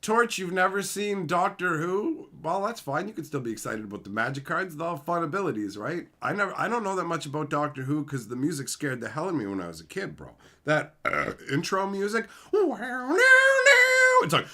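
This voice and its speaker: A man's voice: fairly quick, hardly any pauses. A man hosting a casual livestream, reading viewer comments and joking boastfully, calling viewers bro and son and swearing freely. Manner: lively swings in pitch and loudness, mock shouting. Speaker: livestream host.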